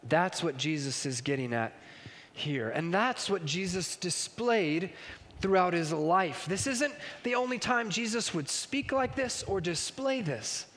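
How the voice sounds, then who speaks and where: High-voiced man preaching in a hall. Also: lively intonation, measured pace, a bit bright. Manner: emphatic, rhetorical questions. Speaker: pastor. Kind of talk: sermon. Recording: long reverb in a large hall.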